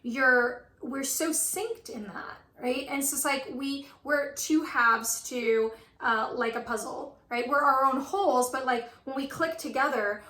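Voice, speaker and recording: A woman's voice: high voice, unhurried, few pauses, sharp tone, reverberant. A woman coach chatting casually and effusively about her relationship, full of "like" and "right". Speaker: twin flame coach. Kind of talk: casual chat.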